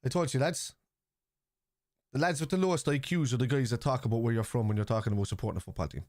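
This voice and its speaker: A man with a Cork Irish accent, streaming a live football watchalong, chatting casually and shouting at the referee and players. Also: medium pitch, fast, no room sound, studio quality. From Ireland. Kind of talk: live match reaction chat.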